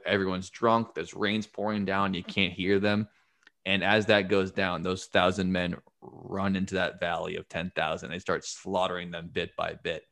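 A man casually retelling history on a podcast, swearing freely and acting out what people said. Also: sits low. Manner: profane, animated retelling with acted-out quotes. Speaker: podcast host telling history. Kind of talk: casual storytelling chat.

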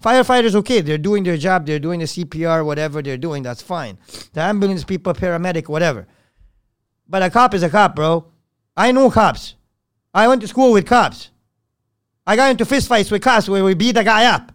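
A man, a podcast guest, telling a story in casual, blunt and profane talk that swings between loud and hushed. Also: high-pitched, lively intonation, a little fast, clear, resonant tone.

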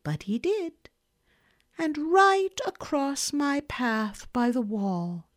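A woman giving a dramatic first-person reading of a short story, moving between hushed and intense. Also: high-pitched, animated, slow. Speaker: audiobook narrator.

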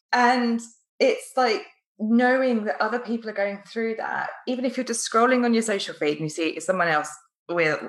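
A woman's voice: medium pitch, fairly bright tone. Chatty woman hosting in a roomy space. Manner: chatty, laughs often, many "like" fillers. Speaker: podcast host. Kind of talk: casual conversation. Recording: roomy echo.

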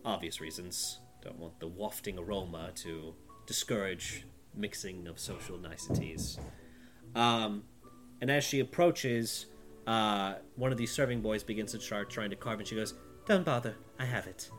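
A man narrating as game master in a relaxed way, with plenty of fillers. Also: on the low side, unhurried. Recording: background music.

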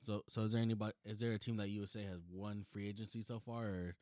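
A young man co-hosting a casual sports chat, relaxed, asking questions and steering the talk. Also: fairly low pitch, fast talker, dry recording, clean studio sound. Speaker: podcast co-host.

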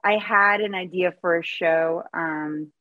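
A woman being interviewed as a guest, speaking in a soft, hesitant way with many fillers. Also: lowish voice, a little slow, no room sound, phone-quality sound. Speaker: guest, music writer and show producer. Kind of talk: casual interview chat.

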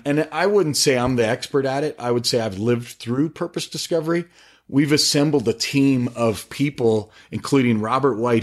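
A middle-aged man talking about faith on a podcast with eager, animated, preachy storytelling. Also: medium pitch. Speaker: podcast guest, faith-based business owner. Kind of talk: casual podcast conversation.

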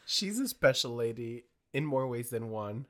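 A woman's voice: very deep voice, animated, normal speed. A woman co-hosting a podcast, chiming in casually with short agreeing replies and laughs. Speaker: podcast co-host. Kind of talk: casual chat.

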